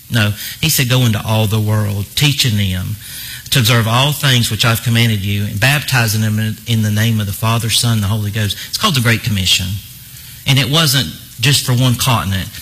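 A man's voice: medium pitch, pushed and bright, breathy edge, low-quality recording. A man preaching a sermon, emphatic and fond of repeating phrases for effect. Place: church.

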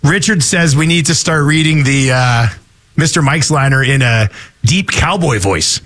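A man's voice: medium pitch, unhurried, a bit bright. A man hosting a radio show, joking casually and laughing often.

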